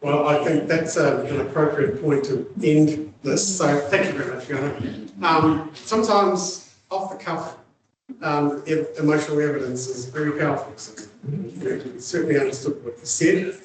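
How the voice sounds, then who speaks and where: A man chairs a formal hearing in a courteous, measured way with hesitant fillers. His voice sits a little high. It is picked up from a distance in a roomy, echoing hall with faint noise. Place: large hall, indoors.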